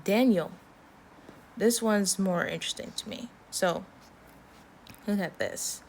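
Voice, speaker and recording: Slow, patient American woman teaching. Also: medium pitch, creaky, darkish tone. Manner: slow, patient explaining with repeated example words. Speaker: Korean language teacher. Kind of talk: online language lesson.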